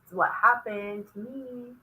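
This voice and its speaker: A woman teacher walking her students through an online research demonstration, lively and coaxing as she clicks along. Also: a little high, measured pace, slight background noise, low-quality recording. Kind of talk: classroom demonstration over a video call.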